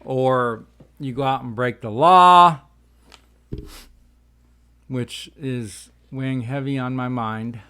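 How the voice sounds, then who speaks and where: Guy hosting his own show, drawly and folksy, bright sharp tone, a bit mushy from the chew. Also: mid-range voice, slow, long pauses, clear, resonant tone. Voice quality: talking around tobacco in his mouth. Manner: rambling, folksy, says "y'all". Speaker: host. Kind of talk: casual talk to camera.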